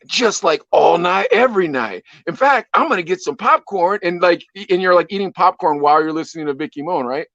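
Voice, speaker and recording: Lively, laughing man with a dull sound. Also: fairly high pitch, fairly quick, creaky, hardly any pauses, no echo. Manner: animated, laughs through his stories. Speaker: podcast co-host, former radio DJ. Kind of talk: casual chat, storytelling.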